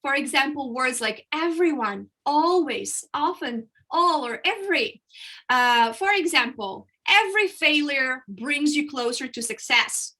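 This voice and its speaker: A woman public speaking coach leads a training session, explaining ideas step by step. Her voice sits high and bright, and she stresses key words and pauses to show how emphasis works. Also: animated. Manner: explanatory, emphatic, uses vocal variety and pauses.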